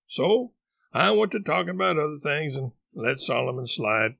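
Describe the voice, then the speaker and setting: A man's voice: a little high, sing-song, normal speed, vocal fry, a bit bright, no echo. A man reading a novel aloud, narrating in a rustic first-person voice. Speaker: audiobook reader. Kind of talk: storybook narration.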